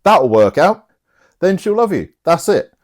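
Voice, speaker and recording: A man's voice: fairly high pitch, big pitch swings, voice pushed up. A man doing a pushy scheming servant. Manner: pushy, rapid, matey. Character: cocky scheming male servant.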